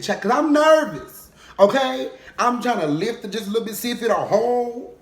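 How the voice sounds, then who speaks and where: A young man telling a funny personal story in casual vlog style, animated and comic, often checking in with "okay?". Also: extremely high pitch, fast talker. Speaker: vlogger. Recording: roomy echo.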